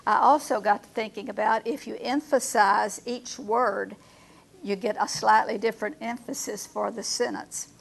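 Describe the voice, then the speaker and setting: A woman leading a Bible study class, reading verses slowly and asking her group questions. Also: mid-range voice, fairly even intonation, gravelly.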